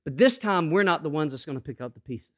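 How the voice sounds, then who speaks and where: A man preaching a sermon, moving from quiet, intimate passages to emphatic, rising calls to the congregation. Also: on the high side, lively intonation, quick pace. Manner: dynamic preaching, swings from hushed to emphatic. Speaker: pastor.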